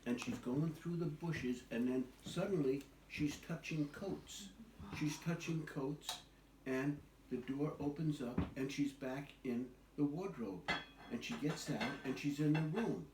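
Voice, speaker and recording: Older grandfather telling a story, far from the mic. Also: a little high. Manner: gentle, patient, slow storytelling. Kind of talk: bedtime storytelling. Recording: echoey, distant, noisy home recording.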